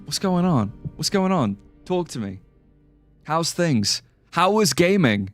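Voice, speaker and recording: A man's voice: fairly high pitch, big pitch swings, takes it slowly, no room sound, soft background music. A man streaming a game, chatting casually and greeting his viewers. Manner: chatty, reacts to and greets chat. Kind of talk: casual live-stream chat.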